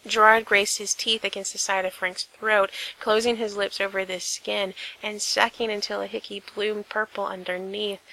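A woman narrating a story aloud in an unhurried, intimate reading style. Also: medium pitch, creaky, pushed and bright, low-quality recording. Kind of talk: reading fan fiction aloud.

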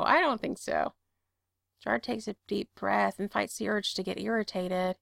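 Calm woman narrator with vocal fry. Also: mid-range voice, no room sound, studio quality. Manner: calm, steady storytelling. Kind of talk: reading fan fiction aloud.

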